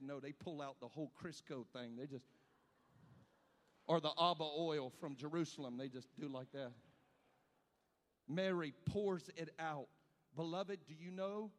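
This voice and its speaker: A man preaching a sermon with passion, swinging between shouted peaks and hushed stretches. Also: a little high. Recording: long reverb of a large hall.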